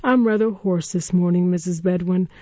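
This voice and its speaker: A woman voicing a kind-hearted old gentleman in a storybook reading, gruff and throat-clearing. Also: fairly low pitch, fairly even intonation, moderate pace, no room sound, dull audio, lightly acted. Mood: gruff, tender.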